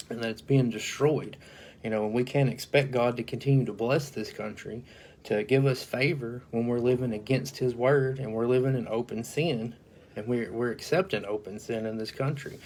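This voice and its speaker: A man's voice: medium pitch, a little mellow. A man giving an informal Bible teaching, talking conversationally with frequent fillers and reading scripture aloud. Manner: conversational, many "you know" fillers, reads scripture aloud. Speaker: preacher.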